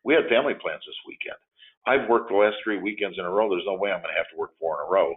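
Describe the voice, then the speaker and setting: A man's voice: low voice, fast. A man in his fifties giving a training lecture, telling stories and acting out the quotes in them. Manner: animated storytelling, acts out angry quotes. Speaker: de-escalation trainer. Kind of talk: training lecture with role-play examples. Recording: phone-like narrow audio.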